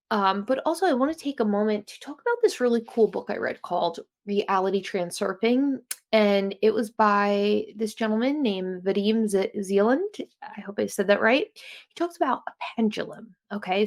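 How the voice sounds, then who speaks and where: Chatty and meandering, a young New Jersey woman with a medium-pitched voice hosts a laid-back self-help podcast. She frequently stops to correct herself.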